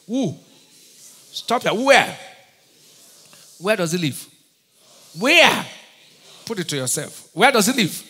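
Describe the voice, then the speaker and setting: A man with a Nigerian accent preaching a sermon, firing call-and-response questions at his congregation and breaking into sudden shouts. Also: high voice, very animated, a little slow, long pauses, slightly rough, big-room sound. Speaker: pastor.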